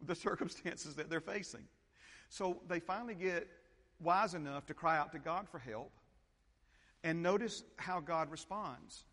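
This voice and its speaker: A man preaching a sermon as pastor, animated, often repeating phrases and checking in with his congregation. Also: on the high side. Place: church sanctuary. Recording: long hall reverb.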